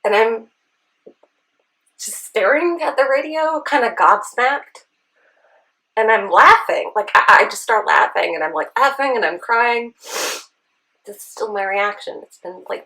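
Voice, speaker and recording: A woman's voice: mid-range voice, bright, forceful tone, rough recording. A woman vlogger telling an emotional personal story, earnest and sometimes near tears, often checking in with a "right?". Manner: earnest, tearful at times, with rhetorical "right?". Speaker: beauty vlogger.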